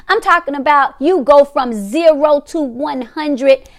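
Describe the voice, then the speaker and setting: Host: middle-aged woman, high voice, emphatic motivational teacher who repeats herself. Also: unhurried. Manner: emphatic, repeats phrases, acts out reactions. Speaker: therapist hosting a weekly talk.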